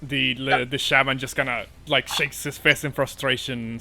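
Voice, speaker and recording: Bright-voiced man running a tabletop game. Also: medium pitch, flat delivery, normal speed, gravelly. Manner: casual, swears often, many fillers. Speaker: dungeon master.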